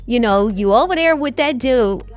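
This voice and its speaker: A stern older grandmother, put on by a man telling a story, lays out her accusation plainly and firmly. The voice sits well above the storyteller's own, in a lifted, pointed register. She speaks with flat certainty, like a verdict already reached. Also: very high voice, moderate pace, faint music behind, voice pushed up. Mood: accusing. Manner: accusing, matter-of-fact.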